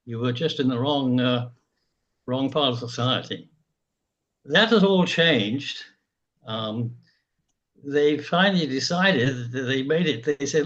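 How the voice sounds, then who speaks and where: An older man from England, speaking slowly and haltingly in a reflective group discussion, with many pauses. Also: mid-range voice, fairly bright tone, lo-fi sound. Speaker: group member.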